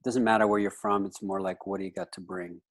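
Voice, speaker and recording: A man in his fifties from the United States chats loosely as a guest, his voice sitting slightly low. He wanders through his thoughts and keeps dropping "you know" between phrases. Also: steady tone, quick pace. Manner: rambling, with frequent "you know" fillers. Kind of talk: casual interview chat.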